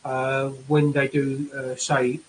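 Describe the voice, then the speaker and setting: A man's voice: medium pitch, monotone, slow pace, a little hiss or hum, low-quality recording. A man hosting a chat show, who reads out viewer comments and hesitates with many fillers. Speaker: host.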